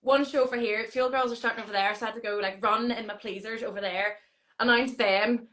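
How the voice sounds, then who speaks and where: Female guest, Irish accent, quick rambling chat, slightly high voice. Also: steady tone, fairly bright tone. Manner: fast, breathless storytelling with many fillers. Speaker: sideshow performer, guest. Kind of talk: casual chat.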